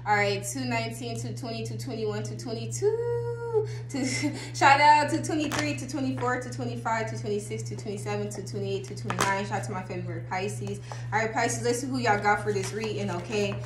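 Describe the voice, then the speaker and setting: A woman reading tarot in a casual, excitable way, laughing often and breaking into bits of song. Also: mid-range voice, brisk, echoey room. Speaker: tarot reader.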